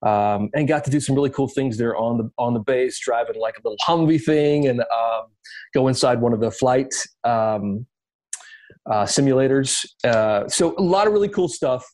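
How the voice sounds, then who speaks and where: A man's voice: mid-range voice, moderate pace, a little mellow. A man, a guest on a podcast, talking casually and reflectively about interviewing artists, with lots of fillers and restarts. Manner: reflective, rambling with many fillers.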